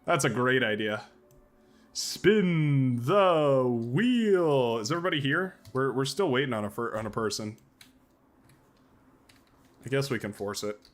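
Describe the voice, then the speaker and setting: Bright-voiced, chatty game streamer man. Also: mid-range voice, fairly quick, pauses often. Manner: chatty, thinking aloud, excitable. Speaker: streamer playing a strategy game. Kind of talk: live game-stream commentary.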